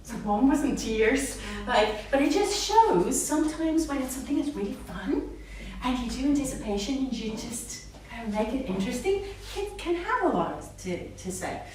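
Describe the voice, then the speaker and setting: A woman speech therapist giving a live talk to parents, animated, acting out words in a sing-song voice. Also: high-pitched, normal speed, few pauses. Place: hall with a live audience. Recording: echoey room, mic far off, faint noise.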